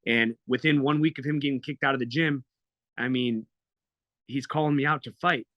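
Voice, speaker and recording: A man's voice: medium pitch, steady tone, moderate pace, no room sound, lo-fi sound. A man in his thirties, a fighter as podcast guest, talking bluntly and emotionally with lots of swearing. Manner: blunt, profane, emotional storytelling. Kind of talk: candid podcast interview.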